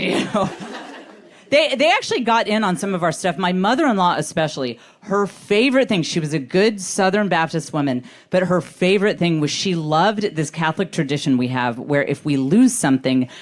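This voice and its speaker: A middle-aged woman performing a stand-up comedy set, telling self-deprecating stories with animated delivery. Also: on the low side, normal speed, slight background noise.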